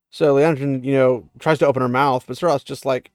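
A man's voice: medium pitch, fairly even intonation, a little fast, few pauses, a little mellow, clear, resonant tone, no room sound, clean studio sound. A man chatting casually as he recaps a fantasy book, laughing at the story now and then.

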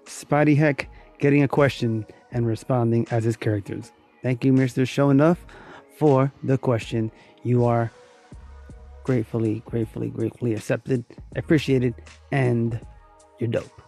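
A man's voice: mid-range voice, steady tone, normal speed, gravelly, warm tone, faint music behind. A man hosting his own comedy voiceover podcast, rambling and joking in a casual intro. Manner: rambling, joking, self-promoting. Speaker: podcast host.

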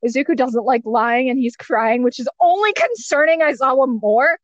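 A young woman hosts a casual podcast, retelling a story in an animated way and swearing casually. Her voice is high and sounds dry and close to the mic. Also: normal speed, dry recording, lo-fi sound.

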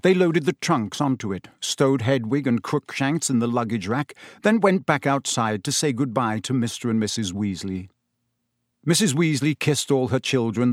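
A man narrating an audiobook chapter in an expressive storytelling voice. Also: mid-range voice, dry recording, clean studio sound.

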